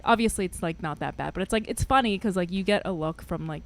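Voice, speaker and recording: A young woman co-hosting a podcast, telling a story in an animated, laugh-filled way with lots of fillers. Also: lowish voice, quick pace. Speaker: podcast co-host. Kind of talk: casual chat, storytelling.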